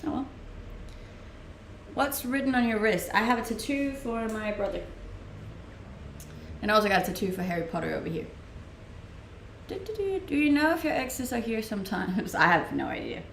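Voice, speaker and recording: A woman's voice: medium pitch, expressive, a little fast, vocal fry, long pauses, a little hiss or hum. A young woman from Denmark with a Danish accent, chatting casually on a live stream and answering viewers' questions, laughing often. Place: room at home, streaming. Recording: roomy home-mic sound.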